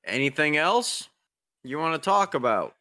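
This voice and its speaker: Man, easygoing, unhurried, bright tone, lively pitch, podcast co-host. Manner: easygoing, asks questions, searches for words. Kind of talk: casual chat.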